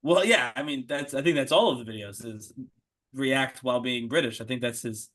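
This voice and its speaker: Easygoing American podcast host. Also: male voice, mid-range voice, moderate pace, fairly bright tone. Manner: easygoing, laughs often, restarts sentences. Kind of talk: casual chat.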